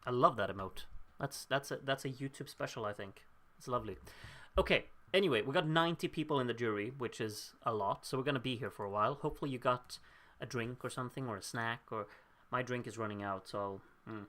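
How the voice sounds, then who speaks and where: Young man, casual livestream host, chatty, self-deprecating, mid-pitched voice. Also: quick pace, fairly bright tone. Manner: chatty and upbeat, laughs at himself, thinks aloud. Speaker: livestream host reading out viewer votes. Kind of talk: casual live watchalong chat.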